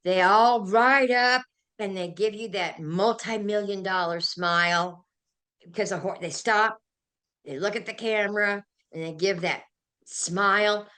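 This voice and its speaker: An older woman, a guest on a talk show, telling animated and emotional stories. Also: medium pitch, measured pace, clean tone. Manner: animated, emotional storyteller who gets carried away. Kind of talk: anecdotal storytelling in a chat.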